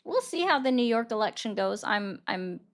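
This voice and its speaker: A woman's voice: medium pitch, lively intonation, normal speed. Chatty woman hosting a livestream. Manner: chatty, greets viewers by name between thoughts. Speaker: livestream host taking calls. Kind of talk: casual live political commentary.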